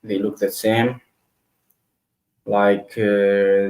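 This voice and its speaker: A man livestreaming his own language study, slowly reading word lists aloud and repeating each word to practice. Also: fairly low pitch, fairly even intonation, darkish tone. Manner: slow, reads words aloud and repeats them to practice.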